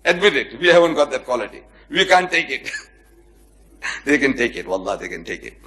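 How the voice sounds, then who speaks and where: At medium pitch and a normal speed, a comparative religion lecturer speaks to a live audience. His anecdotes are animated, with him acting out each person in them, and he jokes with his listeners as well as chiding them.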